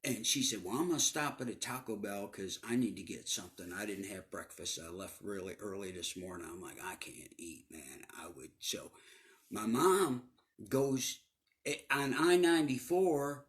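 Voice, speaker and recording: A middle-aged man tells his own life story casually in a mid-range, slightly bright voice. He swears often, trips over repeated words, and sometimes drops to a near-whisper.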